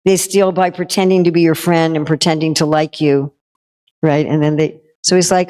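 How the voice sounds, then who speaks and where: A woman's voice: low-pitched, steady tone, normal speed, dark tone. A woman spiritual teacher retelling a devotional story in a chatty, conversational way, with wry, humorous asides to her listeners.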